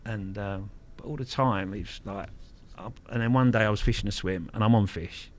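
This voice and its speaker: A man's voice: fairly low pitch, moderate pace. Earthy, frank man from Kent. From Kent, England. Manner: frank, earthy, swears freely, repeats words. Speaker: guest angler. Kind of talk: casual storytelling interview.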